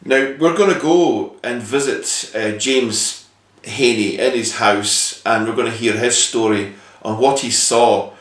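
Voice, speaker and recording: A man's voice: mid-range voice, unhurried, a bit bright. A man hosting a ghost-story show, telling the tale and interviewing with many hesitations and restarts. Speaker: host. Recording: roomy sound from a distance.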